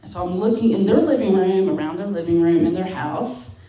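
A middle-aged woman sharing a spiritual testimony as a guest. She tells it as an animated story, acts out her own past words and speaks straight to her listeners. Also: fairly low pitch, fairly quick. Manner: talks straight to listeners as "y'all". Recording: roomy sound from a distant mic.

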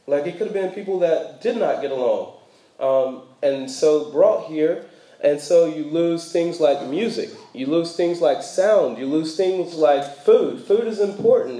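Male preacher, easygoing storytelling sermon, dark mellow tone, reverberant room. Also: fairly high pitch. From United States. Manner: conversational, frequent fillers, laughs while telling stories. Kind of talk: sermon talk.

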